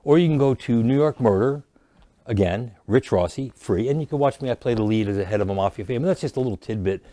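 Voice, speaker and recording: A man, an actor and comedian, telling animated stories as a guest in a casual studio interview. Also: mid-range voice, fast talker, dry recording. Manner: animated storyteller who jokes and restarts lines.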